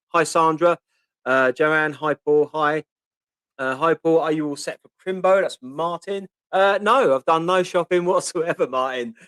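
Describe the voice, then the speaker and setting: A man's voice: a little high, fairly bright tone, dry recording. A man from Portsmouth with a Cockney-tinged Portsmouth accent, hosting a casual live Q&A. He rambles in a chatty way, reads viewer comments aloud and fills gaps with ums. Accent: Portsmouth English, Cockney-tinged. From Portsmouth, England. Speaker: live stream host.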